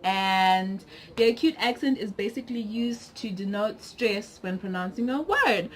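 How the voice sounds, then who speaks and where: A woman's voice: medium pitch, animated, measured pace. A woman from Zimbabwe giving a casual video lesson, chatty and explaining with examples. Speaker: language teacher YouTuber.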